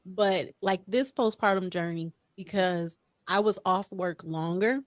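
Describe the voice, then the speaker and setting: A woman's voice: lowish voice, a little slow, dry recording. A young adult woman co-hosting a casual chat, telling stories animatedly and acting out the voices of the people she quotes. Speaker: podcast co-host.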